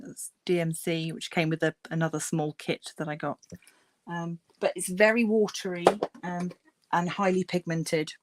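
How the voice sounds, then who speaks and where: A woman's voice: mid-range voice, dry recording. A woman hosting a crafting livestream, chatting casually with many fillers while she paints and murmurs to herself.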